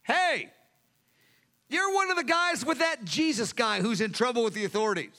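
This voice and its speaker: A man's voice: very high-pitched, lively intonation, moderate pace, pushed and bright, big-room sound, exaggerated voice. A man acting out an accusing male bystander in a sermon retelling. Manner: pointed accusing.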